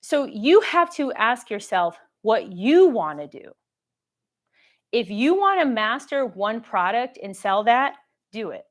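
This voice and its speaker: A woman hosting a casual live-stream Q&A, telling stories in a lively way and acting out the people in them. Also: a little high, takes it slowly. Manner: animated storytelling, acts out quoted dialogue; reads viewer questions aloud. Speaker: government contracting coach.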